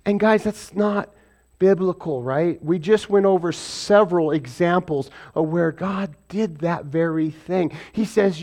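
High-pitched with a darkish tone, this preacher keeps a measured pace through his sermon. He raises and answers his own rhetorical questions, bringing biblical and everyday characters to life by acting out their voices.

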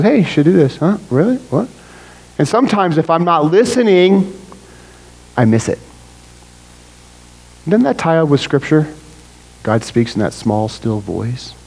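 A middle-aged man delivers a conversational sermon with a slightly higher-than-usual voice. He talks to the congregation in an animated, casual way, often checking in with "right?". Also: low-quality recording. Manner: animated, frequent "right?" asides. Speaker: preacher.

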